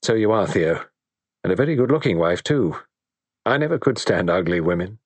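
A man's voice: fairly low pitch, animated, moderate pace, breathy edge, dry recording. A man reading a fretful, anxious young husband. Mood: evasive. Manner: nervous, reassuring himself. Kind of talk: audiobook character voice.

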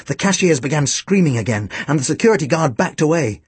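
A man narrating a first-person audiobook, with a lively, wry delivery and deadpan asides. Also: on the high side, brisk, breathy edge, no echo.

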